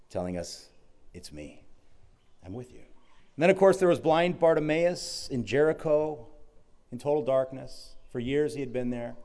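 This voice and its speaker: A male pastor delivers a sermon in a mellow, relaxed voice at an ordinary middle pitch. He retells scripture stories conversationally and softens to a near hush when quoting Jesus. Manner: storytelling, quietly voicing Jesus' words.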